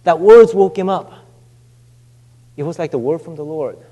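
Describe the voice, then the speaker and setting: A man pastor giving a sermon, halting with frequent restarts and fillers, dropping to a hush when quoting scripture. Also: a little high, expressive. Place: church sanctuary. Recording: long hall reverb.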